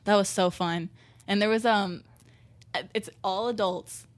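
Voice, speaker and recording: A woman's voice: mid-range voice, a little slow, dry recording. Giggly young woman, dry studio sound. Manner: giggly, animated storyteller. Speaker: guest musician. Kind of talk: casual podcast chat. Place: podcast studio. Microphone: studio microphone.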